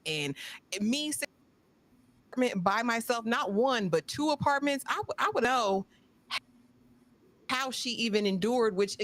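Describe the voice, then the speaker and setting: A woman guest on a live-stream chat over a video call, speaking emphatically and deliberately. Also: on the high side, animated, a bit bright. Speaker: guest co-host.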